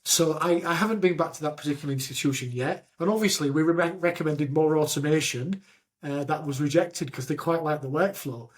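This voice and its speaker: Animated Yorkshire man telling stories. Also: fairly high pitch, a little fast. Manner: animated storyteller, acts out quotes. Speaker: podcast host. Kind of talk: casual conversation.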